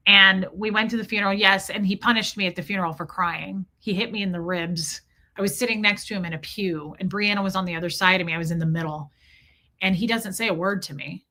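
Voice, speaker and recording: A woman's voice: mid-range voice, quick pace, sharp tone. A woman from Kansas City, podcast host, telling a personal story candidly and emotionally with lots of "like" fillers. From Kansas City, USA.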